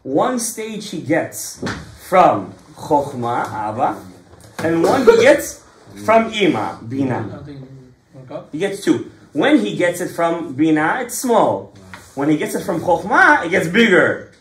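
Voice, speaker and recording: A man's voice: fairly high pitch, takes it slowly, roomy sound. A man teaching an informal Torah class to a small group, telling stories and mixing in Hebrew and Kabbalah terms. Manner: lively storytelling, mixes in Hebrew and Kabbalah terms.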